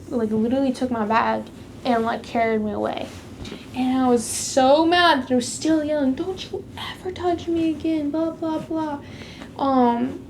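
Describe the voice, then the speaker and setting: There's slight background noise as a vlogger with a fairly high, darkish-toned voice tells her faith testimony. Chatty and casual, she uses "like" constantly and emphatically stresses the key moments of a past conflict.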